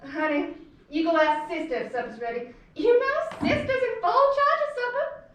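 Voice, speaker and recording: A woman's voice: extremely high pitch, moderate pace, fairly bright tone, a little hiss or hum. A young woman acting a middle-aged Southern belle mother who chatters in a flowery, gushing way, recorded from far off in an echoey room. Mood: fussing. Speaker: student actor. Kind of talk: stage play scene.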